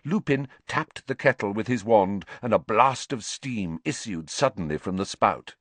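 Male audiobook narrator, lowish voice, lively, dry close sound. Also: moderate pace, dry recording. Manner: lively character reading.

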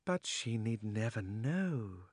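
A man's voice: on the high side, big pitch swings, measured pace, fairly bright tone, dry recording, clean studio sound, voice pushed up, full character voice. A man reading an audiobook, voicing a cold, cunning sorceress who coaxes and scorns, her voice sometimes sinking to a whisper. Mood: sweetly persuasive. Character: cold tempting sorceress queen, fierce and cunning.

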